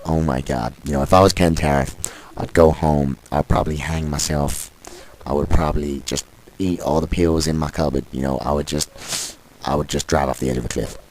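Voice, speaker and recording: A man's voice: rumbling low, steady tone, moderate pace, darkish tone, a little hiss or hum, poor audio. A man commentating on wrestling in a sarcastic, exasperated and crude way.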